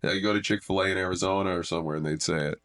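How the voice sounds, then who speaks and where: Comedian guest, young male, lower register, wry rambling storyteller in casual chat. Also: fairly even intonation, rapid-fire, a bit bright. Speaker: stand-up comedian, podcast guest.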